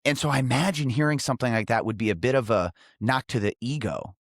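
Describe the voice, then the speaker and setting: A man's voice: medium pitch, fast, gravelly, no room sound, studio quality. A man hosting a podcast interview, who speaks in a reflective and affirming way. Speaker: podcast host, former football player. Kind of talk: casual interview.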